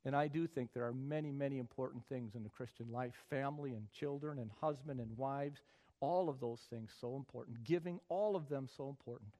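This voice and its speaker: A middle-aged pastor preaches a sermon in a brisk, mid-range voice. He builds from quiet talk up to loud, emphatic passages.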